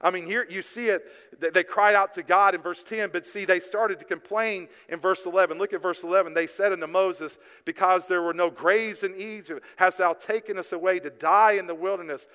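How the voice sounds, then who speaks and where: Impassioned preacher in a reverberant church. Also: male voice, high-pitched, fairly even intonation, a little fast, few pauses, clean tone. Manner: impassioned preaching, swings between hushed and emphatic. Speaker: pastor. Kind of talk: sermon. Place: church sanctuary. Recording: long hall reverb from the church.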